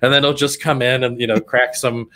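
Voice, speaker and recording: A man co-hosting a casual conversation, relaxed and hesitant, with many fillers and frequent laughter. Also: medium pitch, fairly quick. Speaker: podcast co-host.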